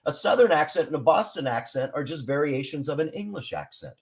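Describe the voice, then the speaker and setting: A man from Seattle, a songwriter and writer, talking on a podcast in a measured, explanatory way. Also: on the high side, expressive. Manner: measured, explanatory, with frequent restarts. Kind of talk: casual interview chat.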